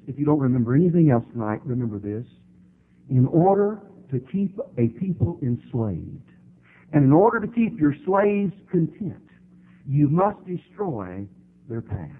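A man from the American South with a Southern drawl, preaching an impassioned sermon that swells to loud climaxes and slows down for emphasis. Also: fairly high pitch, slightly rough. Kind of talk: fiery sermon. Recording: tinny narrow-band broadcast audio.

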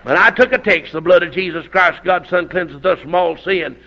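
An older man, preaching a folksy, animated storytelling sermon that breaks into shouted outbursts. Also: high-pitched, fairly quick, highs cut off.

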